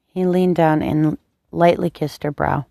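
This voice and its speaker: A woman narrating a romance story in a calm, measured reading. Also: low voice, vocal fry, dry recording, clean studio sound. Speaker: audiobook narrator.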